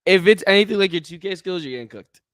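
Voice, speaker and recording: A young man trades playful, mock-outraged banter on a sports podcast. His slightly high voice swings widely in pitch. He is recorded close and dry. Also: lively intonation, fast, a bit bright, clean tone, dry recording. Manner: playfully indignant, says "bro" a lot. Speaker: podcast co-host. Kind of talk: casual sports podcast chat.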